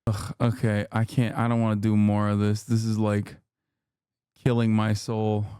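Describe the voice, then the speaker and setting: A man hosting a livestream, reacting to clips with blunt, profane, rapid-fire ranting. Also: lowish voice, completely flat delivery, warm tone, clear, resonant tone, dry recording, studio quality. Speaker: livestream host. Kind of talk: streamer commentary.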